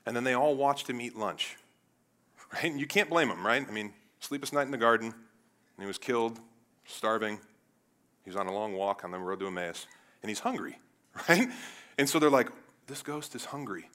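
A man from Cleveland preaching a sermon in a casual, animated way, moving between loud bursts and quiet asides. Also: medium pitch, moderate pace, pauses often. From Cleveland, United States. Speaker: pastor.

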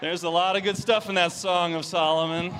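Upbeat pastor guy, fairly high voice, joking around with the church crowd. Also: fairly quick, slight background noise. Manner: energetic, playful with the congregation. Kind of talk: sermon with audience game.

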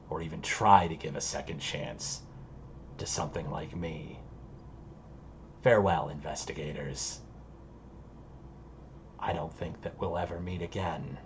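A man acting out an ancient, sly demon in a tabletop game, with a slow, hushed and ominous delivery. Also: sits low, a little hiss or hum, voice pushed down. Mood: wistful menace. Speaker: game master voicing a character. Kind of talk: tabletop game role-play.

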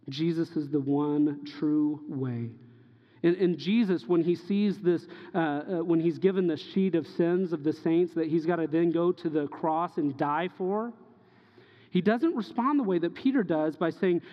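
Impassioned preacher in a reverberant hall. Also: male voice, a little high, normal speed, highs cut off. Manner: impassioned preaching, acting out quoted dialogue, swinging loud and soft. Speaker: pastor. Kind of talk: sermon.

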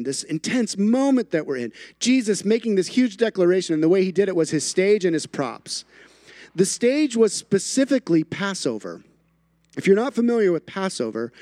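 A man's voice: high-pitched, a little mellow, no echo, clean studio sound. A man preaching a sermon as a pastor, emphatic and building through repeated phrases, with playful asides.

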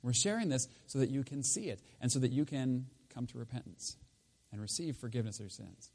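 A man preaching a sermon in a conversational, emphatic way, his voice rising loud and dropping low. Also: brisk. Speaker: pastor.

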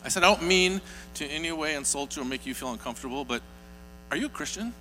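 A man's voice: fairly high pitch, very fast, bright, forceful tone, soft background music. A man preaching a sermon, telling stories earnestly and building to emphatic peaks. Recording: hall reverb with faint mains hum.

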